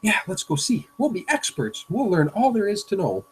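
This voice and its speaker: A man voicing an excitable, curious young cartoon boy who fires off eager questions. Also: a little high, slight background noise, voice pushed up, rough recording. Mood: excited. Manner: eager, rapid-fire questions.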